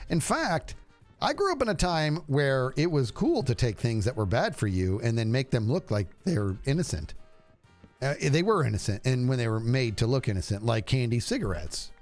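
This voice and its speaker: A man's voice: medium pitch, very animated, moderate pace, darkish tone, faint music behind. A man streaming a game, chatting casually and rambling to his viewers. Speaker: livestreamer. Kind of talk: casual gameplay stream chat.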